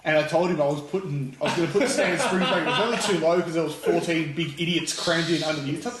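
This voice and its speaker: Brief: Australian bloke, co-host, slightly high voice, rambling, echoey room. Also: male voice, fast, a loud crowd. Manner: rambling, laughing storyteller. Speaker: podcast co-host. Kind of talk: casual chat.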